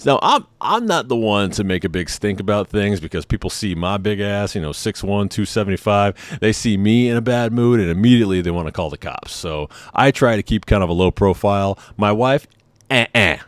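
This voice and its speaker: A man's voice: fairly low pitch, brisk, dry recording. A man telling personal stories in a laid-back, rambling way, often saying "man" and "I mean". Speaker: vlogger. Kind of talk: casual storytelling.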